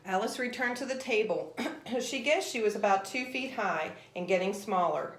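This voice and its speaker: A woman reading a children's story aloud in a gentle, measured way. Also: medium pitch, lively intonation. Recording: roomy echo.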